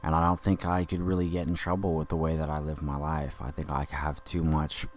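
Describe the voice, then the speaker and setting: A man's voice: extremely low pitch, level tone, brisk, slight background noise, pitched below the performer's own voice. A man playing an angry, rambling Dick Grayson in a profane comedic podcast monologue. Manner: rambling, profane, indignant ranting.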